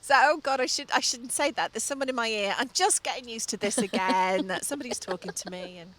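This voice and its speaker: A middle-aged woman co-hosting a studio chat show, telling stories in a lively way and laughing often. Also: fairly high pitch, fast talker. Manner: lively storyteller, laughs often, acts out voices. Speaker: TV show co-host and fitness business owner. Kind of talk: chatty anecdote on a studio show.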